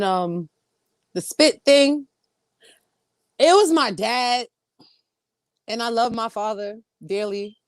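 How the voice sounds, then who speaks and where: A woman co-hosts a casual chat in a slightly high voice. She is blunt and swears freely, playing out her own reactions as she tells a story. The sound is dry and close. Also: no room sound. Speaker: co-host.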